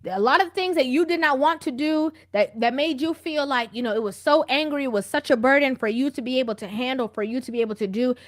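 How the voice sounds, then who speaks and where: A woman's voice: high-pitched, quick pace, hardly any pauses. A woman giving casual commentary, speaking steadily in a lecturing way to her listeners.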